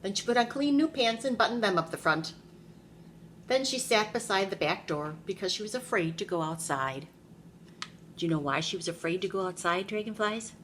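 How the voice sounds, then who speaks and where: A woman preschool teacher reads a picture book to young children in a classroom, using a lively storytelling voice at a middle pitch. She stops now and then to quiz them, with faint room noise behind her.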